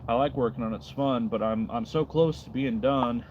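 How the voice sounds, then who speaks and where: A laid-back man hosting a casual livestream outdoors in the cold, chatting at an ordinary mid pitch. He answers viewers easily. The sound is a bit dull, with faint noise behind him. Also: normal speed, a little mellow. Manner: laid-back, reads and answers chat while carving. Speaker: livestream host.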